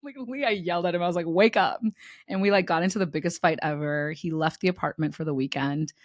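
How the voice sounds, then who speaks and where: A young woman co-hosting a chatty podcast, recounting her own dating past with a lot of feeling. Her voice sits fairly low for a woman and sounds dry and close, with no room around it. She talks candidly, laughs through the hard parts and doesn't soften her language. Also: fast talker, no room sound. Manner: animated, candid, laughs through the story, swears freely. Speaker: podcast co-host. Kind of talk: casual podcast chat, storytelling.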